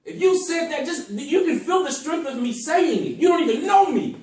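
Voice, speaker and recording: A man teaching a group about love, speaking emphatically and deliberately varying his voice for effect. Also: very high voice, animated, darkish tone, far from the mic. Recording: echoey room, speaker away from mic.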